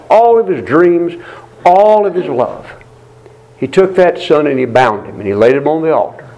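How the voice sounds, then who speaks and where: A man's voice: fairly high pitch, a little mellow, dull audio. A man preaching a sermon, retelling a scripture story with emphatic repetition. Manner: emphatic, repeats phrases for stress, storytelling.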